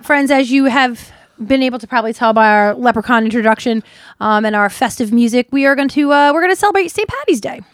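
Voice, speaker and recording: A woman's voice: fairly high pitch, lively intonation, fast, no echo, clean studio sound. Giggly woman co-hosting a podcast. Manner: giggly, laughs often, loose and rambling. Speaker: podcast co-host. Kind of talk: casual chat.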